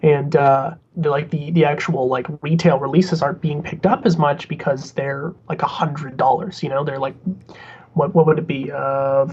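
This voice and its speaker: A man's voice: fairly high pitch, flat delivery, moderate pace, darkish tone, breathy edge, muffled recording. A man co-hosting a casual podcast, talking loosely with many likes and you knows. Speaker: podcast co-host.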